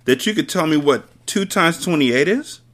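Male reader doing a soft-spoken young teacher, lifted pitch and lively, coaxing questions. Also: normal speed. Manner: gentle, encouraging, amazed questioning. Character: kind young female schoolteacher.

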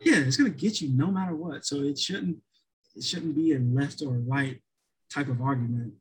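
A man's voice: mid-range voice, moderate pace, breathy edge, low-quality recording. A man co-hosting a podcast in casual chat, rambling with many restarts and fillers.

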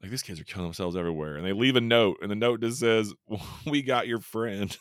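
A man co-hosting a casual movie review show, animated, acting out scenes with quick little voices. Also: on the low side, clean tone, no echo, clean studio sound. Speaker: podcast co-host.

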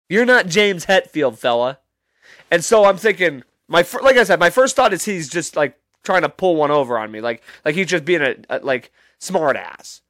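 Podcast host, male, slightly high, incredulous storyteller who swears a lot, dry booth. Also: a bit bright, dry recording. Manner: rambling, profane, incredulous, many restarts. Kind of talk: casual storytelling monologue.

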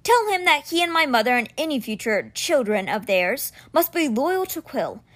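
A woman's voice: high-pitched, very animated, moderate pace, fairly bright tone. A woman reading a storybook aloud, voicing a tense young male ruler who gives stern orders.

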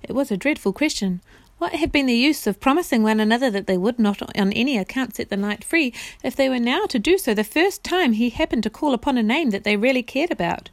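Woman reader, expressive storybook narration, dry close sound. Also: fairly high pitch, brisk, dry recording. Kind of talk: reading a storybook aloud.

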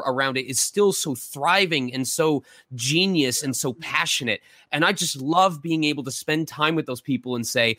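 An earnest man speaks on a panel, effusive and enthusiastic. His pitch sits in the middle and the sound is dry. He talks openly and gratefully. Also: a bit bright, dry recording. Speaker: voice actor on a panel. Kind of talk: casual panel talk.

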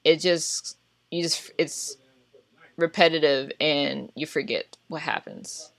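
A woman's voice: low voice, slow pace, dry recording. A woman co-hosting a podcast, talking through a film in a hesitant way, often restarting and correcting herself. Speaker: podcast co-host. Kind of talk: casual film discussion.

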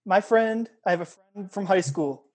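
A man's voice: high voice, lively intonation, normal speed. A man hosting a radio sports show, joking easily and laughing along with his guest. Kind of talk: casual sports talk.

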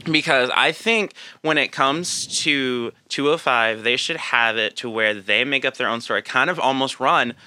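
Brief: man, emphatic chatter, sharp bright tone. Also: medium pitch, moderate pace, few pauses, no echo. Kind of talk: casual chat.

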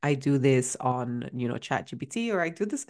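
A woman with a low, grounded voice talks through career advice as a podcast host. She speaks casually, circling back with fillers and small restarts as she thinks aloud. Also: expressive, normal speed, a little mellow. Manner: chatty, many fillers and restarts. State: out of breath at times.

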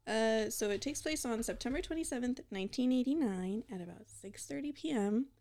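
A woman co-hosting a podcast in casual chat, quick to laugh and tripping over hard names. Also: fairly high pitch, animated, dark tone. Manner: laughs easily, stumbles over foreign names. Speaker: podcast co-host.

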